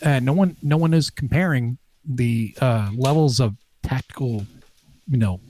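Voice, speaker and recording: A man's voice: mid-range voice, a little slow, a little mellow, a little hiss or hum. A man from New Jersey hosting a casual chat over beers, rambling and hedging as he reads viewer comments aloud. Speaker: host.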